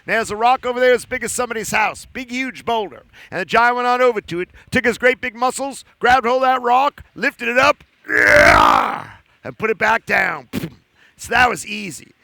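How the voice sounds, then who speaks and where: High, bright, playful children's storyteller. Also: male voice, moderate pace, vocal fry, dry recording. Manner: playful, animated and silly, talks to the kids. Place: outdoor park event, live audience.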